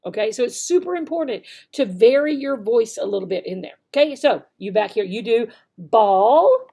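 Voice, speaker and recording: A woman's voice: on the high side, lively intonation, a little fast, vocal fry, dark tone, breathy edge. A woman giving an instructional video lesson for online English teachers, checking in with "okay?" often and demonstrating words in varied voices.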